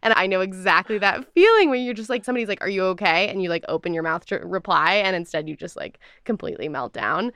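A woman co-host in casual chat, relaxed and using a lot of "like". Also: medium pitch, quick pace, few pauses, clean tone, no room sound, clean studio sound. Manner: relaxed, lots of "like".

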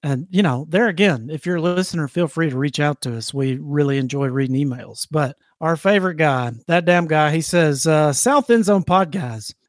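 Animated, higher-voiced podcast co-host. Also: male voice, fairly quick, few pauses, dry recording, clean studio sound. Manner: animated, exclaims and laughs often. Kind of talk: casual sports podcast chat.

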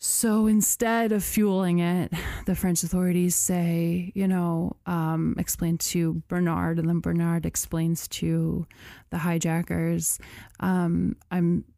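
A woman hosting a podcast, telling a story in a casual chatty way, full of "like" and "you know" and quick laughs. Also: on the low side, flat delivery, vocal fry, dark tone, no room sound, studio quality. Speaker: podcast host.

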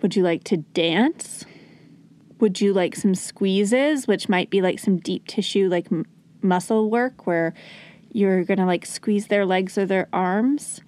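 A woman's voice: medium pitch, slow pace, a little mellow. A woman hosting a parenting podcast, talking earnestly and coaching, at times acting out soothing words to a child. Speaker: podcast host and parenting educator. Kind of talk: conversational teaching talk.

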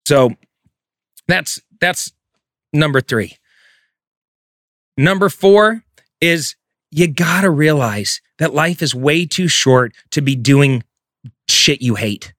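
Intense, brightly forceful man coaching. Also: on the high side, slow pace, long pauses, no echo, clean studio sound. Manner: intense, profane, emphatic delivery. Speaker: real estate coach. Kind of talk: motivational talk.

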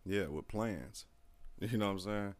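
A man telling a profane, animated story in casual chat, acting out the people he quotes. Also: on the low side, measured pace.

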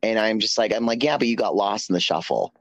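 A man guesting on an interview show, telling stories in a sassy, animated way with lots of quoted dialogue. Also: on the low side, fast talker, no echo. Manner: sassy storytelling, animated quoting. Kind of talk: casual chat.

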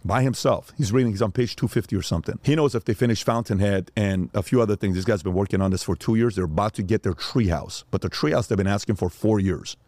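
A man's voice: on the low side, fast talker, few pauses, darkish tone, no echo, clean studio sound. A man, a father, telling stories as a podcast guest and acting out the voices of the people in them. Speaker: father of young sons. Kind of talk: animated storytelling.

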